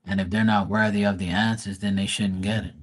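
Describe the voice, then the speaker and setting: A man with a lowish voice talks casually on a live stream as a medium and tarot reader. He is blunt and profane, and he rambles with frequent restarts. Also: flat delivery, a little fast.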